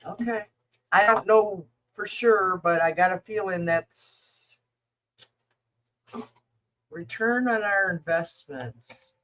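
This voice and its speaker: A woman's voice: medium pitch, slow, long pauses, fairly bright tone, poor audio. A woman reading tarot cards for viewers in a casual livestream, rambling, blunt and emotional as she talks to the chat. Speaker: tarot reader answering viewer questions.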